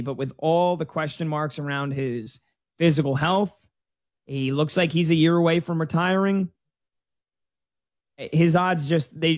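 A man giving casual sports betting analysis in a conversational, filler-heavy way. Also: a little high.

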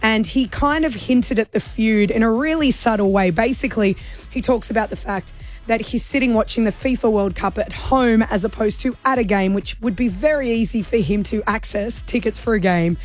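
A woman's voice: on the high side, moderate pace, soft background music. Chatty Australian woman co-host. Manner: chatty, leads segments. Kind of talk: casual radio chat.

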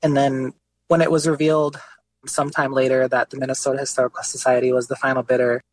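Male artist guest, mid-pitched voice, relaxed and chatty, heavy on casual fillers. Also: fast, no room sound, rough recording. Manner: relaxed, lots of "like" and "you know" fillers. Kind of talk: casual conversational storytelling.

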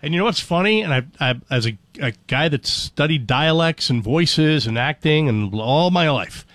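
A man chatting casually in an animated, jokey way, slipping into playful accents. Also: a little high, normal speed, dry recording. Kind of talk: casual chat with playful impressions.

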